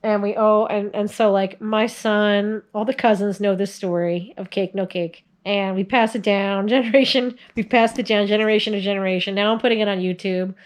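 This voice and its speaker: A woman's voice: medium pitch, steady tone, moderate pace, hardly any pauses. A woman in her forties casually telling family stories to the camera in a chatty way, laughing often as she goes. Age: 40s. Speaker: video host sharing family stories.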